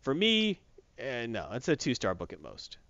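A man's voice: mid-range voice, huge pitch swings, normal speed, bright, forceful tone, no echo. A man casually reviewing comic books, sarcastic and exasperated, rambling through his opinions. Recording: dull, lo-fi, dry.

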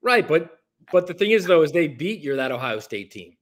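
A man's voice: on the high side, sing-song, normal speed. A man co-hosting a casual sports debate who keeps pressing his partner with pushy, challenging questions. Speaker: co-host.

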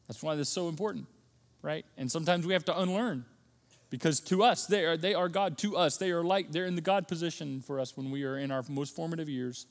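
A man with a high voice preaches in a large church auditorium, and his words ring out with a long hall reverb. He talks emphatically and restarts phrases often, and his volume swings up into sudden loud peaks. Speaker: pastor. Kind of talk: sermon.

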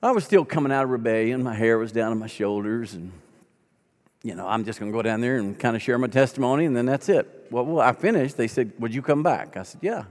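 Man, 60s, pastor; folksy storyteller, mid-pitched, reverberant hall sound. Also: quick pace. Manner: folksy, conversational, acts out quoted dialogue. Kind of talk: storytelling sermon.

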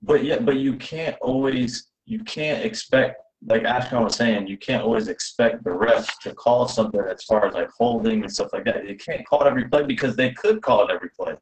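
A man co-hosting a casual sports podcast, calmly reasoning about referees and repeating his points. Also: mid-range voice, brisk, few pauses, echoey room, low-quality recording. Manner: calm, reasoning, repeats himself. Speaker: podcast co-host.

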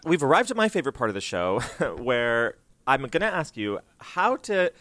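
A woman's voice: very deep voice, sing-song, moderate pace, fairly bright tone, dry recording. Giggly American podcast host woman. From United States. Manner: giggly, enthusiastic. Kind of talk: casual podcast chat.

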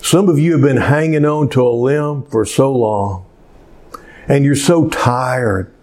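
A man preaching a sermon in an earnest, slow manner, telling a story with dramatic pauses. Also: medium pitch, darkish tone. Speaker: pastor.

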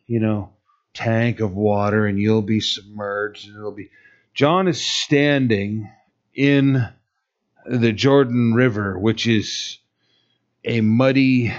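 A man's voice: on the low side, fairly even intonation, slow, lo-fi sound. A man preaching a sermon in a conversational way, with casual asides and fillers, turning stern and emphatic when he quotes a rebuke.

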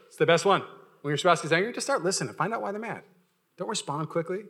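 A man's voice: sits high, fast, fairly bright tone. A young adult male pastor preaching a casual, joking sermon, full of fillers and restarts.

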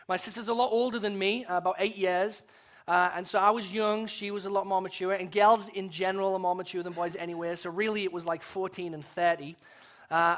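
A young adult man with an English accent, preaching a sermon in a relaxed, conversational, storytelling way with self-deprecating humor. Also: high-pitched. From England. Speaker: pastor.

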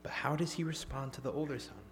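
A man preaching a sermon, swinging from emphatic, raised lines to hushed, near-whispered ones. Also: medium pitch, fast talker, faint music behind.

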